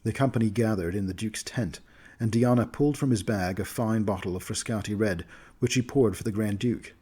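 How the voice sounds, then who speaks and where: Male narrator, fantasy game recap, low pitch, dark, husky voice, steady storytelling. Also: fairly quick. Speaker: game master recapping the campaign.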